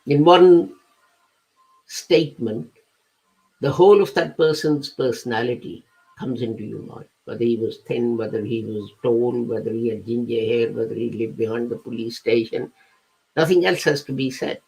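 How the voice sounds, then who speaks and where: A man's voice: mid-range voice, normal speed, creaky, a little mellow, rough recording. A man giving a patient, step-by-step talk that explains scripture, with occasional hesitations and self-corrections. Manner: patient, step-by-step teaching with everyday examples. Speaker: religious lecturer.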